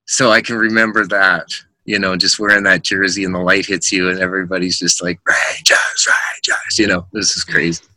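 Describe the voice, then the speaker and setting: Bright-voiced man telling road stories. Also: low voice, a little fast, few pauses, no room sound. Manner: animated anecdotes, acts out quotes, laughs often. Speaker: rock singer, guest. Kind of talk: casual storytelling in a podcast interview.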